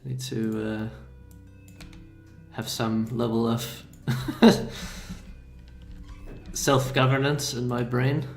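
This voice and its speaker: A man chats on a livestream at a middle pitch, keeping his energy deliberately low and joking along the way. His voice carries a noticeable room echo, with faint music playing underneath. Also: steady tone. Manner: laid-back, deliberately low-key, joking. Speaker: animator hosting a dev livestream. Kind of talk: casual livestream chat.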